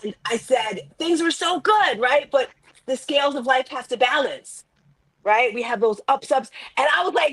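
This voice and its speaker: Animated, high-voiced woman coach. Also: moderate pace. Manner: animated, acts out her own self-talk in quoted asides. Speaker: life coach and author. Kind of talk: emotional personal storytelling in an interview.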